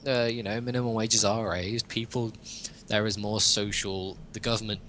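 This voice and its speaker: A man's voice: fairly low pitch, level tone, moderate pace, a bit bright, slight background noise. A man co-hosting a podcast in a casual, joking chat, rambling along with frequent chuckles. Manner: rambling, jokey, chuckles often. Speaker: podcast co-host.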